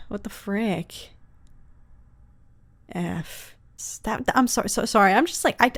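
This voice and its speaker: A woman hosting a reaction video, talking casually with excited exclamations and frequent stammered restarts. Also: fairly high pitch.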